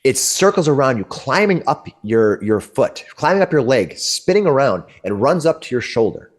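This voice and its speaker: A man's voice: mid-range voice, very animated, moderate pace. A man narrating as game master, describing scenes in a meandering, searching way. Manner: descriptive and meandering, with frequent restarts.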